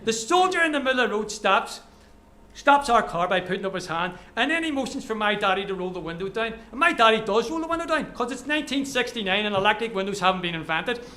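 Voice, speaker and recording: A man's voice: sits high, animated, fast, bright, forceful tone. A man reading his own short story aloud at a live event, telling it vividly in the present tense. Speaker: author.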